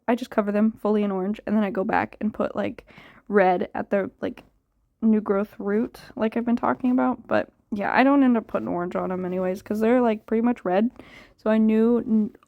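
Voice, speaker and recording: A woman's voice: medium pitch, steady tone, fairly quick, no room sound, highs cut off. A tired young woman chatting casually about dyeing her hair, rambling and unsure with lots of filler words. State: tired, yawning. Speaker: hair dye vlogger. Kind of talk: casual voice-over chat.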